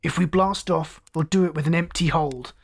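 A hot-tempered male chief engineer on a mining freighter roars and snaps orders in this story reading, as a storyteller puts him on. His voice sits at a middle pitch, loud and blunt in delivery. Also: fairly even intonation, moderate pace, gravelly. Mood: raging. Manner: roaring, snapping orders.

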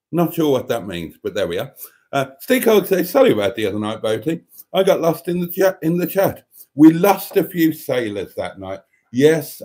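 Male live streamer, medium pitch, wry rambling chat read-out with lots of fillers. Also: darkish tone. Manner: wry and rambling, many hesitations and chuckles. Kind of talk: casual live stream chat, reading out viewer comments.

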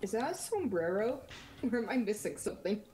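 A woman chats with a friend who is streaming, playful and teasing, with a giggle never far away. Her voice is animated and moves up and down freely. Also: medium pitch, brisk. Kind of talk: casual chat during a game stream.

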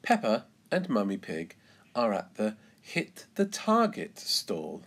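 A man, an English teacher, reading a children's storybook aloud in an expressive, careful way. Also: on the low side, slow.

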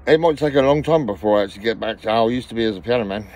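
A man's voice: lowish voice, rapid-fire, darkish tone. A middle-aged man from England, out of breath, rambling and swearing constantly in a personal vlog. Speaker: vlogger.

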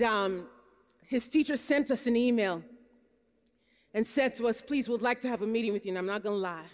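A Nigerian American woman pastor preaching a sermon, telling stories that build to emphatic preaching. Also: a little high. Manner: storytelling, rising to emphatic preaching. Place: conference hall. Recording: long hall reverb.

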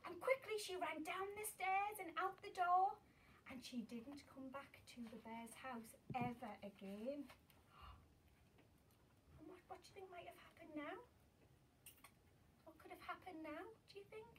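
Animated woman teacher telling a story. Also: very high voice, unhurried, long pauses, distant mic, a little hiss or hum. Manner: animated, dramatic gasps, whispers for suspense. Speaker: primary school teacher. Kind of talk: storybook reading to children.

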